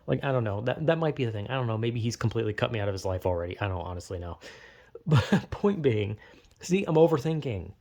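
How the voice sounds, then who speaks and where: A young man talking to himself in a loose, rambling monologue. He trips over his words and restarts, swears casually, and slips into quick imitations of imagined people. His voice sits at an ordinary middle pitch. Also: expressive, a little mellow. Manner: rambling, self-interrupting, swears often, acts out imagined voices. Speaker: vlogger.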